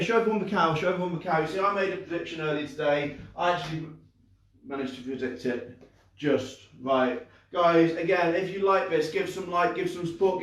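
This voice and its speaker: A young man doing a live magic show for kids, chatty and upbeat, joking at his own expense with plenty of fillers and restarts. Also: fairly high pitch. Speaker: children's entertainer and magician. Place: indoor room, live stream. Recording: very echoey room, far from the mic.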